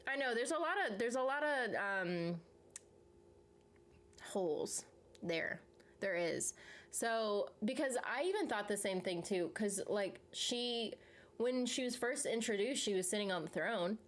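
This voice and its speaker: A young woman hosting a show, chatting casually about TV series, animated, swearing freely and laughing often. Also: fairly high pitch, normal speed, a little hiss or hum. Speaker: show host reacting to viewer comments. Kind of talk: casual chat.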